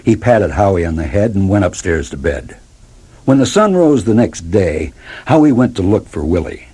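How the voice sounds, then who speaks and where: Husky man reading a children's story. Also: deep voice, moderate pace. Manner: lively expressive reading. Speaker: narrator. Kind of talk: storybook read-aloud.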